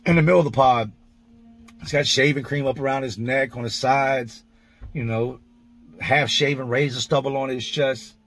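Soft music plays in the background as a man with a medium-pitched, slightly bright voice tells, at a moderate pace, a story from his prison days for his vlog. The casual monologue is crude, slangy and blunt, laying out each event step by step in vivid detail.

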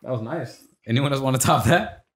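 A man's voice: mid-range voice, a little fast, a little hiss or hum. A young man hosting a casual podcast chat, laid-back and teasing, with plenty of slang and swearing. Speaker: podcast host.

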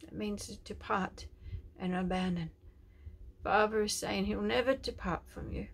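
Slow, gravelly, hushed woman minister. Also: mid-range voice, fairly even intonation. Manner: hushed and tender, often dropping to a whisper; slow and reverent, lingering on words. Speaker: prophetic minister. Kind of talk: delivering a prophetic message.

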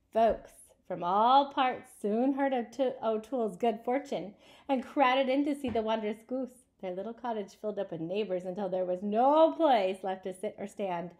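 A woman reading a picture book aloud to children, asking them questions as she goes. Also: on the high side. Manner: asks listeners questions, animated.

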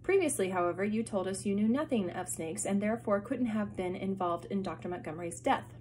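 A woman's voice: medium pitch, brisk, a little mellow, a little hiss or hum, close to an everyday voice. A woman reading a fussy, stiff male banker.

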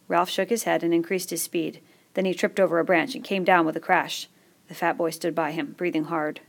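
A woman with a low voice and a gravelly creak narrates a novel aloud. Her storytelling is steady and measured, paced for listening. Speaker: audiobook reader. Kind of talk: scripted narration.

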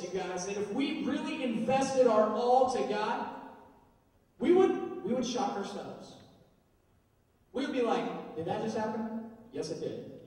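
A man preaching as a youth pastor, in a lively, casual way to young people, in a large church hall. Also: very high voice. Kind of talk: sermon. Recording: echoey hall from far off.

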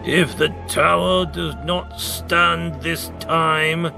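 A man reading a storybook aloud, voicing a harsh, demanding male High King who gives orders slowly in a raised voice over background music. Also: fairly even intonation, vocal fry, sharp tone, heavily acted. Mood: fierce. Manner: slow, commanding, raised voice.

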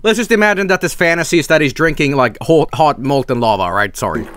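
A man's voice: on the high side, lively intonation, fast talker, a bit bright, slight background noise. A man from Sweden, hosting a casual snack review stream, enthusiastic and rambling, swearing freely. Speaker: streamer host.

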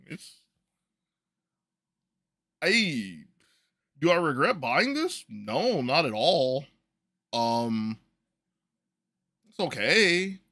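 Casual male podcast host, bright tone, close dry mic, rambling and relaxed. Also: mid-range voice, no room sound. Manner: relaxed, rambling, laughs easily. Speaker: podcast host reviewing sodas. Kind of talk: casual solo review chat. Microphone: desk microphone.

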